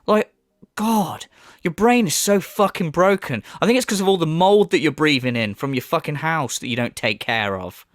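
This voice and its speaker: A man's voice: on the high side, expressive, normal speed, no room sound, clean studio sound. A man giving a profane, mocking rant as a commentary YouTuber. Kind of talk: ranting reaction commentary.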